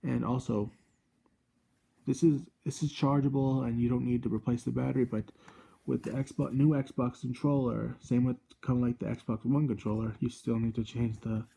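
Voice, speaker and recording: A young man in his twenties hosts a casual gadget review vlog from his room. His voice is gravelly, husky and dark. He rambles in a halting way and keeps correcting himself mid-sentence. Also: medium pitch, level tone. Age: 20s. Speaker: channel host. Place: room at home.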